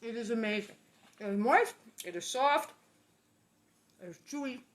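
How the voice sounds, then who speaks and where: A woman's voice: fairly high pitch, expressive, moderate pace. A woman hosting a casual home cooking demo in her kitchen, chatty and playful, exclaiming often. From Los Angeles. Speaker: cooking show host.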